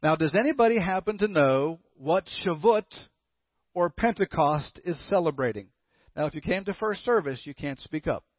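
Pastor, male, higher-pitched, conversational sermon with audience questions, muffled dry recording. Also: expressive, moderate pace, no room sound. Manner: conversational, coaxing the congregation, reads scripture aloud.

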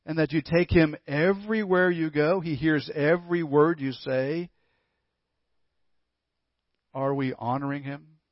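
Slow, emphatic male preacher. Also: fairly high pitch, fairly even intonation, dry recording, muffled recording. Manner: emphatic, with rhetorical questions and dramatic pauses. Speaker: pastor. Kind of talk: sermon.

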